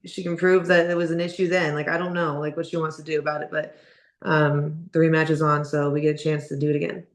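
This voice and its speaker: In a relaxed interview, a woman boxer talks quickly in a deep voice with little pitch movement, recorded in an echoey room. Her answers are blunt and candid, packed with "like" and "you know".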